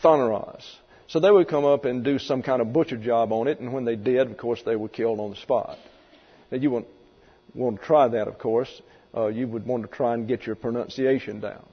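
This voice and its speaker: A man teaching a Bible lesson, halting and full of folksy asides and restarts, recorded in a reverberant hall. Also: mid-range voice, steady tone, breathy edge, muffled recording.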